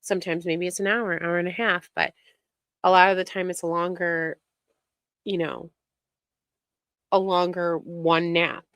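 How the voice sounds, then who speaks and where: A woman's voice: lowish voice, fairly even intonation, a little slow, long pauses, a bit bright, no room sound, studio quality. A woman giving casual reaction commentary, exasperated and mocking as she rants about online drama. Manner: exasperated, mocking, talks over clips.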